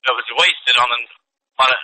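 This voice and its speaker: This podcast co-host ribs his buddy with deadpan, mock-serious humor on a relaxed phone call. He talks fairly quickly at a medium pitch, and his voice sounds pushed and bright.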